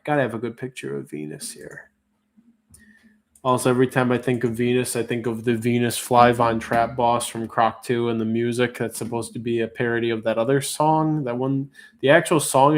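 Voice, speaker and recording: A man of ordinary pitch runs a casual livestream auction from home, talking into a desk mic. He rambles and interrupts himself between lots, then stretches out each bid call slowly. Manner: rambling, self-interrupting, drawn-out bid calls.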